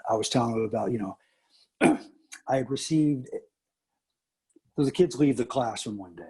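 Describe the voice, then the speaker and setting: A middle-aged man, a teacher and coach, telling stories in a casual interview and acting out the people he quotes with big jumps in his voice. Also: breathy edge. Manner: animated, acts out quotes with big pitch jumps.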